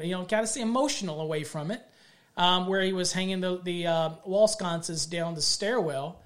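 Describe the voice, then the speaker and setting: A man's voice: sits high, a bit bright. Man, middle-aged, show host, plainspoken, leadership talk, job-site anecdotes. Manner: plainspoken, tells workplace stories from experience. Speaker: electrical contractor and show host.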